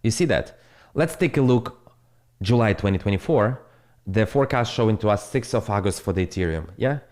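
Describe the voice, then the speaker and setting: Blunt, profane crypto streamer. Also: male voice, fairly low pitch, animated, fairly quick, darkish tone. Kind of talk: casual live-stream monologue.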